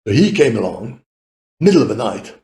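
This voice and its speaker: A man's voice: lowish voice, big pitch swings, moderate pace, dark tone. Chatty older British man, roomy sound. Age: 80s. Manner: chatty, laughs often, casual swearing. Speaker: podcast guest. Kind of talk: rambling anecdotal storytelling.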